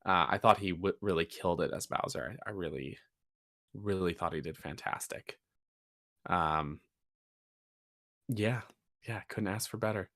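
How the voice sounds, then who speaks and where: A man's voice: deep voice, measured pace, pauses often, fairly bright tone. A man co-hosting a casual podcast, talking in a chatty, rambling way with fillers and restarts, getting emphatic when he makes a point. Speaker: podcast co-host.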